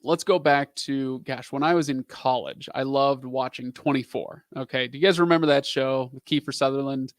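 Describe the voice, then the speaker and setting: A man's voice: medium pitch, fairly even intonation, moderate pace, few pauses, no echo. Chatty man hosting a live stream. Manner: chatty, rambling, with frequent fillers and asides. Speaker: livestream host answering viewer questions. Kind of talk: casual live-stream chat.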